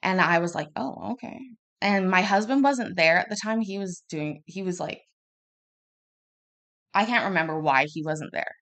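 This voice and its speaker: Chatty woman in her thirties, lowish voice. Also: normal speed, long pauses. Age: 30s. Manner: chatty and rambling, with many restarts; acts out quoted lines with sudden bursts of loudness. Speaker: podcast host. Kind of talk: casual personal storytelling.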